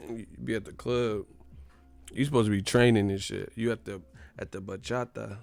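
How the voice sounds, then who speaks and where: A man's voice: fairly low pitch, steady tone, moderate pace, creaky, darkish tone, smooth, no echo, clean studio sound, faint music behind. A man hosting a boxing live stream in a casual, profane, joking rant full of slang.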